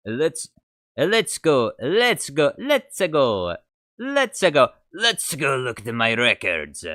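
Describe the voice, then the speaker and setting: Brief: a greedy alien junk dealer, very high, gravelly, swooping, slow and wheedling. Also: male voice, huge pitch swings, no echo, clean studio sound, exaggerated voice. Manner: mock Italian-style accent, high and rasping. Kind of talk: practicing a voice impression.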